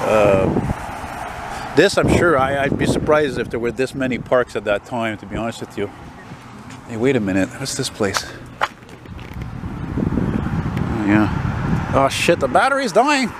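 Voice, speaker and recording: A man's voice: mid-range voice, unhurried, long pauses. A man from Quebec with a French Canadian accent, talking casually and bluntly as he walks and films, swearing freely and grumbling about politicians. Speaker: vlogger. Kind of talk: casual walking vlog commentary. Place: outdoors on a city street. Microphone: handheld camera mic while walking. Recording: street noise from passing cars. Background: passing traffic and street noise.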